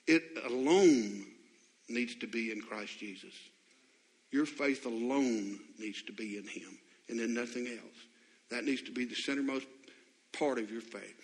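A man's voice: mid-range voice, measured pace, husky, in a large hall. A man preaching a sermon as pastor, questioning his congregation and building to impassioned appeals.

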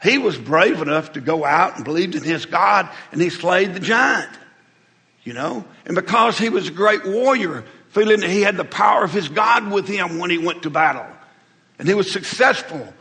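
A man's voice: high voice, animated, normal speed, creaky, bright, forceful tone. A middle-aged man, preaching a conversational, folksy sermon as pastor, often repeating words as he goes. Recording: hall reverb.

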